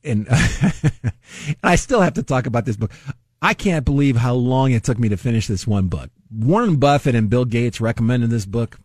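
A man's voice: medium pitch, a little mellow, dry recording, clean studio sound. A man hosting a finance radio show, talking casually and laughing often at his own jokes. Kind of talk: casual solo talk.

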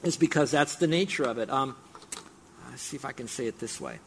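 A man's voice: medium pitch, animated, fairly quick, a bit bright, slight background noise. A middle-aged man preaching a sermon, explaining scripture with emphatic, repeated build-ups. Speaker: pastor.

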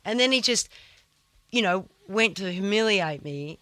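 A woman talks through a story the way a surfer would, blunt and salty with plenty of swearing. Her voice is mid-pitched and recorded dry and close, with no room sound. It sounds like a relaxed podcast chat. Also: a little slow, no room sound. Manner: vivid, blunt storyteller who swears freely. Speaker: guest, surfer.

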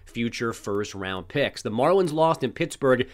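A man reading a scripted sports news update with a brisk, headline-style delivery. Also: mid-range voice, expressive.

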